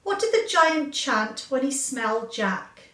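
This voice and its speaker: A woman teacher reading out a children's quiz, slow and clear, repeating each question. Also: high-pitched, lively intonation, bright, forceful tone. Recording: echoey room, far from mic.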